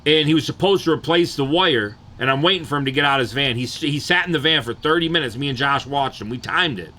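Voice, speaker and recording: A man's voice: medium pitch, fast talker, sharp tone. A man from the Detroit area, ranting casually and profanely on a livestream and often asking "you know what I'm saying".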